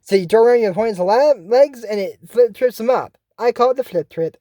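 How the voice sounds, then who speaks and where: Lively, excitable cartoon recap vlogger. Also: mid-range voice, fairly quick, no echo, clean studio sound. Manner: excitable, chatty, many fillers and restarts. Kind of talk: casual rambling recap commentary.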